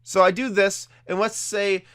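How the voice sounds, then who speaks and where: A man's voice: high-pitched, level tone, measured pace, a bit bright, smooth. A young man giving casual, defensive video commentary, chatty and full of fillers. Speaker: YouTuber.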